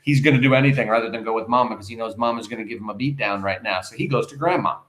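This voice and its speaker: Guy teacher going off on animated tangents about a play, echoey room. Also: mid-range voice, racing. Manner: animated, emphatic asides to students. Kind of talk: reading a play aloud with commentary.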